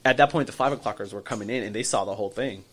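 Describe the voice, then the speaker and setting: A man in his thirties, a podcast guest telling a story over drinks in an animated way, acting out the people in it and often repeating and restarting his words. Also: fairly low pitch, racing, slightly rough.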